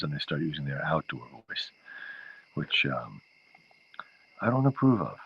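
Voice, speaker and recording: A man with a gravelly, husky bass voice hosts a livestream from home near an outdoor porch, chatting casually with viewers at a moderate pace. He's very animated but pauses often, rambling from one aside to the next and getting easily sidetracked. The laptop microphone gives the recording a dull, lo-fi sound.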